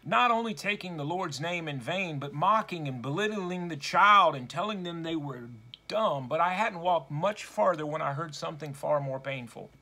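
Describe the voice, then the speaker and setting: High, bright-voiced male preacher. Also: lively intonation. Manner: slow, deliberate preaching with dramatic emphasis. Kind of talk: sermon.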